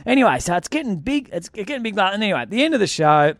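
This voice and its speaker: A man's voice: high-pitched, big pitch swings, fast, fairly bright tone, no room sound, clean studio sound. An Australian man, a podcast co-host and comedian, telling a rambling story in casual chat and acting out the voices in it. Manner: rambling, repeats and restarts, acts out voices in the story.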